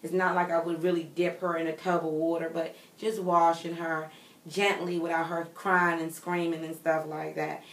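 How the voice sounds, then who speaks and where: A woman's voice: sits low, flat delivery, moderate pace. A heavily pregnant woman in a home nursery, chatting expressively and directly to her viewers. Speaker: vlogger. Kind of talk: casual chat to viewers. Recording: echoey room, mic at a distance.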